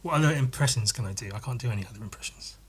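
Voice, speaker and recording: A man's voice: medium pitch, very fast, a little hiss or hum. A man hosting a solo comedy podcast, rambling and meandering, often stumbling and repeating words as he goes. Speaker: podcast host.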